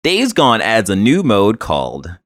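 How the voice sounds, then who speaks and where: A low-pitched man hosts a gaming news podcast, and his voice swings widely up and down as he riffs. He reads each headline, then drifts into relaxed jokes. The sound is close and dry, with no room around it. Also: measured pace, no echo. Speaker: podcast co-host. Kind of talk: casual gaming news chat.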